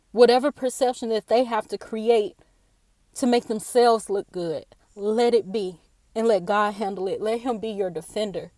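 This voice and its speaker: A woman giving a personal devotional talk, earnest and halting, often repeating her words, tearful after a day of crying. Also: medium pitch, darkish tone, no room sound, studio quality. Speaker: faith speaker.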